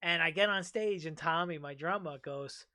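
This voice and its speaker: A young man hosting a casual chat, telling a long story in an animated way and swearing freely. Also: a little high, moderate pace. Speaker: podcast host.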